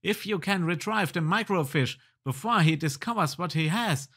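A man's voice: sits high, expressive, normal speed, fairly bright tone, voice pushed up, heavily acted. A man voicing a bossy, threatening male spy from a video game.

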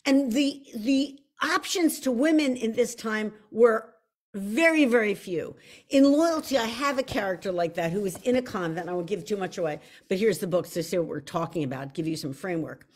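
A woman's voice: medium pitch, moderate pace. A woman hosting a live online show, chatting casually and with self-deprecating humor, often restarting her sentences. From United States. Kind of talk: casual live-stream talk.

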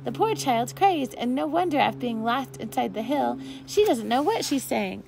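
A woman voicing a great panther, speaking slowly and soothingly to hush others. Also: a little high, big pitch swings, vocal fry, noisy background. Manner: slow, soothing, hushing.

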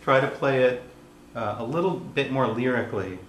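Male piano teacher, calm and explanatory, mid-range voice, echoey room, loud piano under him. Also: medium pitch. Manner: calm, explanatory, pauses between played passages. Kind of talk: piano lesson with demonstration. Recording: roomy sound with piano playing.

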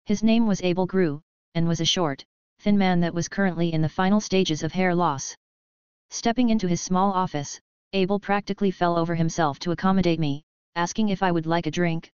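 A woman narrating a novel in a steady, even storytelling voice, in a dry, dull lo-fi recording. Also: on the low side, clear, resonant tone, dry recording. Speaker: audiobook narrator.

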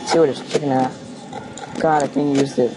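Young male gamer host, nervous rambling commentary, mid-range voice, steady background hiss. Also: medium pitch, fairly quick. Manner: anxious, pleading, rambling chatter. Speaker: gaming video host. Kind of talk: casual let's play commentary. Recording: home recording with steady background noise.

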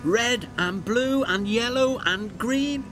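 A man's voice: high-pitched, normal speed, music in the background, pitched above the performer's own voice, natural voice. Man doing Thomas, an eager little engine. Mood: excited. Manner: excited, breathless exclamations. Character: eager cheeky little blue male tank engine.

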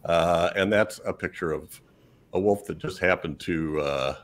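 Speaking at a measured pace in a low voice, a podcast co-host steers a segment of a relaxed discussion. He tends to ramble, his sentences trailing away with chuckles.

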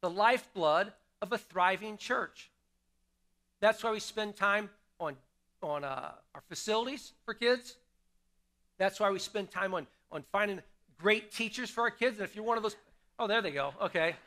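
High, bright-voiced pastor preaching. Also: male voice, expressive, normal speed. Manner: conversational, asks the congregation questions and repeats key lines. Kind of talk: sermon. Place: church sanctuary.

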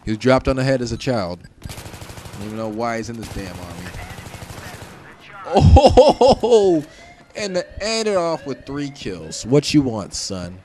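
A man giving casual gameplay commentary, joking and trash talking, swinging between shouts and mutters. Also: medium pitch, slight background noise. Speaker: gaming commentator. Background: game gunfire and explosions.

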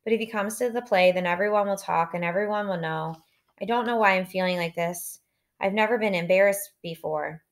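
A woman's voice: medium pitch, fairly quick, lightly acted. A woman doing a tearful teenage girl, sobbing. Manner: upset, sobbing. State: crying. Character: teenage girl, emotional, tearful older sister. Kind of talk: audiobook reading.

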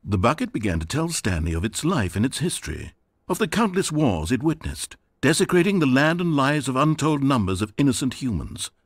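A man's voice: medium pitch, dry recording. A man narrating a video game in a dry, wry storytelling voice.

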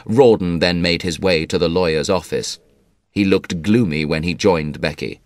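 Male audiobook narrator, very low voice, dry studio sound, measured read. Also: no echo. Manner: measured, even storytelling.

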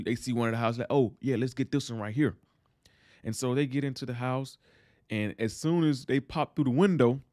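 A young man recaps a TV episode in a loose, slangy way, jumping into characters' lines as he tells it. His voice sits at an ordinary middle pitch. The sound is dry and close, with no room echo. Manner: animated retelling with slangy asides and acted-out dialogue. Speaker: TV recap host.

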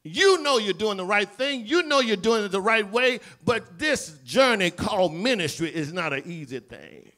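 A male pastor with a Southern accent, preaching a sermon and acting out the dialogue of biblical scenes, swinging between loud cries and low murmurs. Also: big pitch swings, normal speed, few pauses. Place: church sanctuary.

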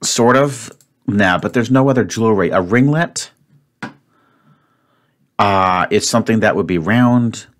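A man solving a word puzzle out loud, thinking aloud and muttering to himself. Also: lowish voice, measured pace, long pauses. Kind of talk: solo puzzle-solving commentary.

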